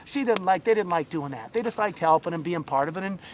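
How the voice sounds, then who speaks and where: A man's voice: high voice, animated, fast talker, slight background noise. A man telling a rambling anecdote to a listener in casual talk, with many asides. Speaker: storyteller.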